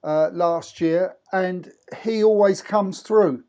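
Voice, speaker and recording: A man co-hosting as a medium, chatting over a video call in a relaxed, rambling way with many fillers. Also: high-pitched, takes it slowly. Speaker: medium and co-host.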